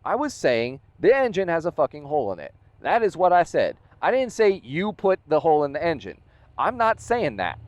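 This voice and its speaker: A man's voice: on the high side, no room sound. A man vlogging about his motorcycle, retelling events with exasperation and quoted dialogue. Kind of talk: casual storytelling vlog.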